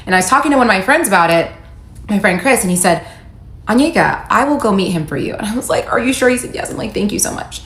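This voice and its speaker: A woman telling her own story to camera in a casual, candid and animated way, reading out texts as she goes. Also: mid-range voice, quick pace, a little hiss or hum. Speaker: storyteller recounting her divorce. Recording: echoey room, faint ambience.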